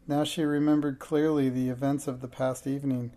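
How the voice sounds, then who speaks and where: A man narrating a children's storybook in a steady, plain reading voice. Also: mid-range voice, a little fast.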